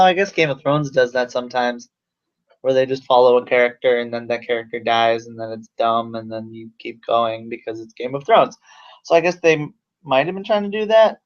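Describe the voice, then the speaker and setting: A man's voice: mid-range voice, brisk. A young man casually reviewing a movie, rambling with lots of fillers and swearing. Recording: slightly dull lo-fi mic.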